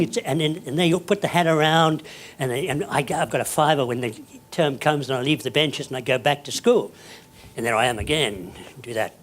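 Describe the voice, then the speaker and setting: A man, giving a motivational speech full of stories, sinking to whispers and then bursting into loud exclamations. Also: a little high, slight background noise. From South Africa. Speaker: keynote speaker.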